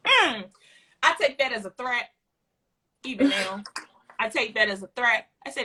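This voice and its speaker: Woman, podcast co-host, casual storytelling, animated, profane, forceful bright voice, husky. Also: a little high, moderate pace.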